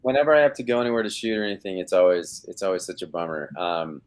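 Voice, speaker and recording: A man's voice: low-pitched, expressive, quick pace. A man in his thirties, an actor talking from home on a video call, rambling with lots of fillers and restarts. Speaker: actor guest. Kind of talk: casual live interview chat.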